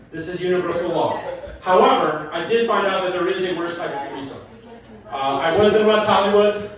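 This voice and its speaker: A man's voice: high voice, fairly quick, far from the mic. A middle-aged man doing a loose, rambling stand-up comedy set on a club stage, laughing at his own jokes. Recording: echoey club, mic heard from afar, loud crowd.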